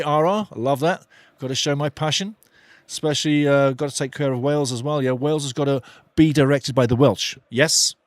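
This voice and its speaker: A man's voice: a little high, no room sound. Passionate blunt-talking football commentator man. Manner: passionate, opinionated, blunt and swearing; running play-by-play in short clipped phrases. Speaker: watch-along football commentator. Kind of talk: live fan commentary.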